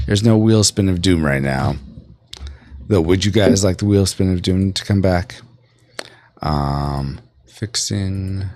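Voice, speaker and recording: A man's voice: low voice, takes it slowly, darkish tone, no room sound. A man hosting a gaming livestream, rambling playfully and reading chat aloud. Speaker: streaming host.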